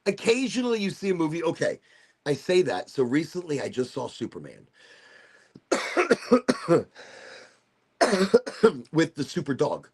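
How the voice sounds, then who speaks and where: A man's voice: a little high, wildly swooping pitch, measured pace, long pauses, husky. A man hosting a casual livestream chat, rambling from topic to topic and losing his thread. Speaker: host of a livestream talk show.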